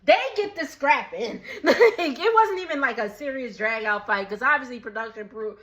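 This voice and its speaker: Young woman host, bright slangy recap voice, frequent laughter, loose casual retelling. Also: on the high side, lively intonation, moderate pace.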